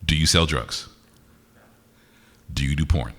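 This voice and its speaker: A deep-voiced man works the crowd at a live show, teasing audience members with quick banter. His tone is bright and forceful, and his voice rings out in a reverberant hall. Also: husky. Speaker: performance poet. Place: university concert venue.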